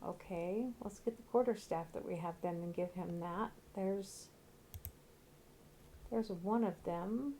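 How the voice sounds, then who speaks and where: A woman's voice: lowish voice, slow, dark tone, slight background noise. A woman streaming a video game, chatting casually and bluntly, now and then swearing. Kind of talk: casual gameplay commentary.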